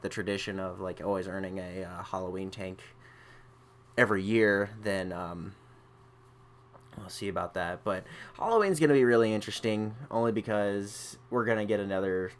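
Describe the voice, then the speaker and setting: A young man hosting a casual gaming podcast, talking in a laid-back, rambling way with lots of fillers. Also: on the low side. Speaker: podcast host.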